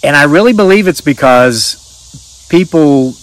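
A man's voice: fairly high pitch, expressive, a little slow. A middle-aged man hosting his channel, chatting casually in a rambling, folksy way and reading out viewer stories. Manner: rambling, folksy, restarts often. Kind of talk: casual chat and reading aloud.

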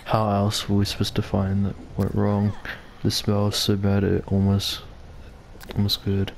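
A man's voice: on the low side, monotone, measured pace, gravelly, darkish tone, a little hiss or hum. A man giving casual, rambling commentary as he plays a video game, reading on-screen text aloud. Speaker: gamer.

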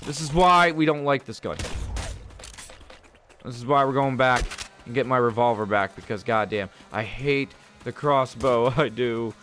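A young man streaming a video game, talking casually with a profane, excitable manner and laughing often. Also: mid-range voice, moderate pace, a little hiss or hum. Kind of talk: casual livestream commentary.

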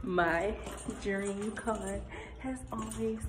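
A young woman vlogging casually outdoors, chatty and excitable, talking straight to her viewers on a handheld phone. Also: mid-range voice, very slow, slight background noise. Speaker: lifestyle vlogger. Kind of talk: casual vlog tour. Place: outdoors, rooftop and parking area.

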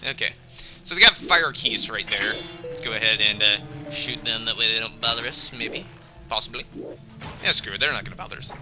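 Over game music, a lowish-voiced man talks briskly in a low-quality recording as he plays a video game. He's a let's play commentator whose casual, rambling, excitable commentary includes talking back to the game when it goes badly.

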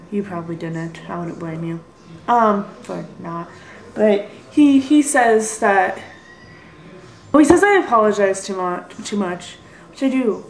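A woman's voice: medium pitch, creaky, darkish tone, echoey room, rough recording. A young woman rambling through a casual vlog, apologizing often and putting herself down. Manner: rambling, apologetic, self-deprecating. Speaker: vlogger. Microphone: built-in computer mic.

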